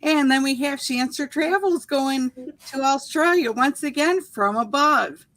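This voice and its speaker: A woman's voice: high-pitched, unhurried, fairly bright tone, no room sound. A woman from Kentucky with a Southern drawl, reading out video titles and chatting casually as a livestream guest. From Kentucky, USA. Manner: reads out list with laughs. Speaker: guest creator.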